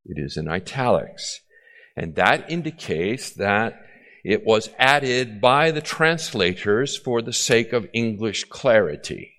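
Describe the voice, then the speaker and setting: Male pastor, lower voice, teaching sermon style, restates each point and checks for understanding. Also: animated, slow, a bit bright. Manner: repeats key phrases, checks in with the congregation. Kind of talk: expository sermon.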